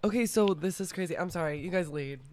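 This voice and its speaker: A woman's voice: lowish voice, fast, darkish tone. A young woman from Minnesota, a podcast guest chatting casually, laughing often and poking fun at herself. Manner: giggly, chatty, self-deprecating. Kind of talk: casual chat.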